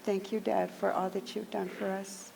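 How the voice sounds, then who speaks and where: Gravelly-voiced woman giving a eulogy. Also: medium pitch, little pitch movement. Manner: emotional, measured phrasing. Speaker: eulogy speaker. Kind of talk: funeral tribute. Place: church service. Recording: echoey hall with faint noise.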